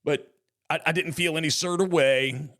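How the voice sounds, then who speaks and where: Male podcast host, bright tone, chatty solo talk with joking asides. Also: fairly high pitch, steady tone, normal speed.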